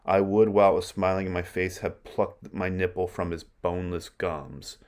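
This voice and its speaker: A man reading aloud as a ruthless, scornful noblewoman who goads her husband, in a slow, deliberate way. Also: low voice, fairly even intonation, a little mellow, lightly acted.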